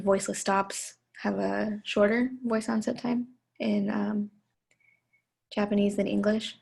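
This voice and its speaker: A young woman with a creaky, husky voice answers questions about her research. She hesitates and corrects herself often. Her voice sits at an ordinary pitch. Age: young adult. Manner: hesitant, many fillers and self-corrections. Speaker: student presenter. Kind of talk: answering questions after a presentation.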